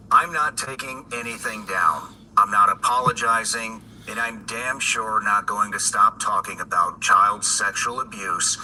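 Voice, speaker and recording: A man giving a firm, defiant statement in a deliberate, measured way. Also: on the low side, bright, forceful tone, slight background noise, rough recording. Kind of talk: recorded statement clip.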